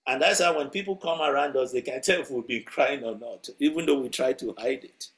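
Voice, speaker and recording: A man's voice: medium pitch, fairly quick. A man preaching a sermon through a story, conversational and chuckling as he tells it.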